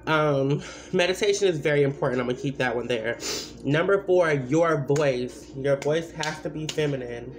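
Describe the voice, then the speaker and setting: A woman's voice: low voice, normal speed. A woman giving blunt, rambling advice in a casual vlog, full of asides and repeated points. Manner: repeats points with many fillers.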